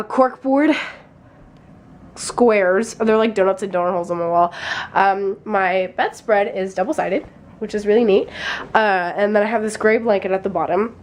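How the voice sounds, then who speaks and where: A woman's voice: medium pitch, low-quality recording. Chatty young woman vlogging from a dorm. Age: young adult. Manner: chatty and rambling, with many fillers. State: tired. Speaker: college student vlogger. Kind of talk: casual vlog chat. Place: dorm room.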